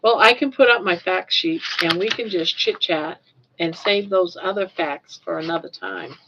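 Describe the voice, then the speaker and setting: Against a noisy background, the older livestream host from Maine chats casually at a moderate pace, her voice low and creaky. She meanders and repeats words, and the recording has a dull, lo-fi quality.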